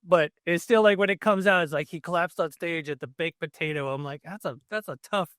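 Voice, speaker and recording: A man's voice: fairly high pitch, brisk, fairly bright tone, clean tone, no room sound, clean studio sound. A man guest on a podcast, chiming in with wry, half-joking remarks. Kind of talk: casual conversation.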